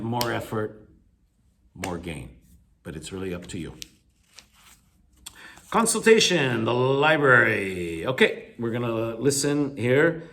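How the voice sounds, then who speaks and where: An English teacher with a slightly low, fairly bright voice gives a recorded video lecture to his class. He explains step by step, often circling back with fillers and self-corrections, and leans hard on key points. His manner is emphatic and encouraging.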